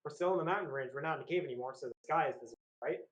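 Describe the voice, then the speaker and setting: A man with a somewhat high voice plays in a tabletop game and describes his character's actions in the third person. His voice rings in a roomy, echoey space. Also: very fast. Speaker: player. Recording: echoey room.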